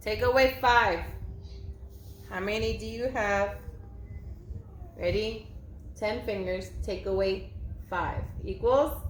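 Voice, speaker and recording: A woman leads a lesson for small children, and her voice is patient and sing-song. She speaks slowly and stretches her words out. The recording sounds echoey, with a faint hiss behind it. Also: medium pitch. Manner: slow, patient, sing-song teacher talk, drawing out words. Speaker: preschool teacher. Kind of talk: online circle-time lesson for young children.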